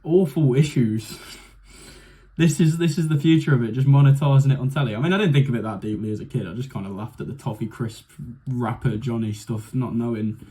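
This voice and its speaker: Mellow-voiced young man. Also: mid-range voice, fast talker. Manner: chatty, animated storytelling with restarts. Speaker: video host. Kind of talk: casual comedic commentary.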